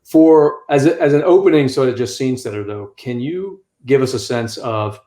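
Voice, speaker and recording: A man co-hosting an interview podcast, asking a long question with halting restarts. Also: medium pitch, expressive, warm tone. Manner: halting, with many fillers and restarts. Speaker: podcast co-host. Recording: roomy echo.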